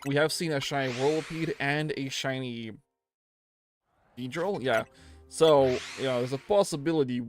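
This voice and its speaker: Young man, game streamer, loose slangy rambling, soft music underneath. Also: medium pitch, normal speed. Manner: rambling, animated storytelling with slang. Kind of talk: casual livestream chat.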